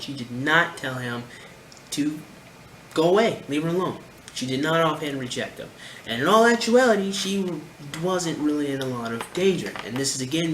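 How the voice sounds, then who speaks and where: A man's voice: a little high, a bit bright. A man giving reaction commentary in an emphatic, lecturing way, repeating his points. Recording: roomy echo, faint background noise.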